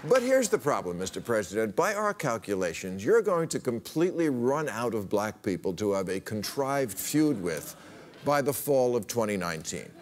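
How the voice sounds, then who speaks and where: A man's voice: medium pitch, big pitch swings, moderate pace. A male talk show host delivering a sarcastic, mocking stand-up monologue in a TV studio. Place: TV studio with a live audience. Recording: live studio audience, noisy broadcast. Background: studio audience laughter and applause.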